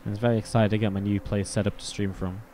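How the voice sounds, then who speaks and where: Fast, flat, and mellow, this lowish male voice carries a little hiss or hum. He's a StarCraft streamer and caster mixing casual stream chat with game commentary at his desk mic, rambling, cursing freely, and filling gaps with filler words.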